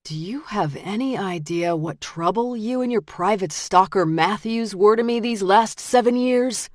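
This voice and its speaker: A woman reading the lines of a calm, menacing male detective who turns out to be a killer, in a quiet, flat voice. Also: medium pitch, unhurried, no room sound, clean studio sound, pitched above the performer's own voice, natural voice. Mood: cold menace.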